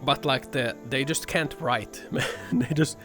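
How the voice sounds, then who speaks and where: A man's voice: medium pitch, takes it slowly, over music. A man streaming, ranting casually with lots of swearing and filler words. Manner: rambling, profane, fillers "like" and "man". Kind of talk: casual chat.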